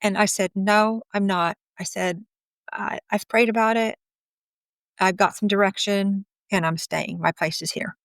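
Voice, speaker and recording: A woman's voice: medium pitch, steady tone, a little slow, a bit bright, dry recording. A middle-aged woman candidly recounting an emotional personal story, acting out past conversations as she goes. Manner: emotional, candid, quotes others in dialogue. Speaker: guest telling her story.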